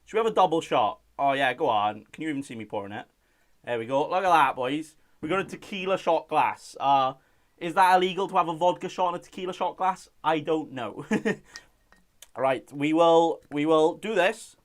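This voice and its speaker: A man's voice: on the high side, expressive, normal speed. A young man from Wales, hosting a casual live-stream chat and reading out viewer messages in a jokey way.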